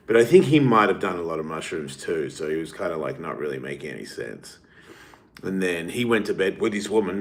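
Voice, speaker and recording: A man hosts his own podcast with a somewhat low voice. He tells long, rambling stories in an offhand way, swearing freely and laughing along as he goes. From Australia. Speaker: podcast host. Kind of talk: casual storytelling monologue.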